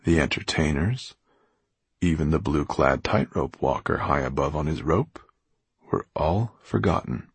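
A man narrating a novel aloud with expressive storytelling. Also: a bass voice, a little slow, slightly rough, dry recording. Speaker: audiobook narrator. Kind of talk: scripted narration.

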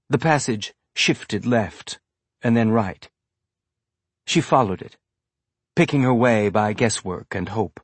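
Male audiobook narrator, unhurried and measured, husky tone, dry studio sound. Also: medium pitch, no echo. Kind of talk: scripted narration.

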